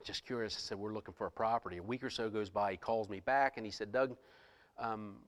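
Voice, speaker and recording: Speaking briskly in a lowish voice with a long reverb tail, a middle-aged pastor relates a personal experience to his church congregation. The sermon testimony is marked by repeated restarts and bits of quoted dialogue.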